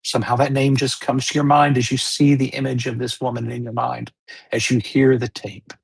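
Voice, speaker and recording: A game master narrating a tabletop game, setting scenes slowly and checking in with the players. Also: mid-range voice, level tone, vocal fry, slightly rough. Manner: slow, measured scene-setting with check-in questions.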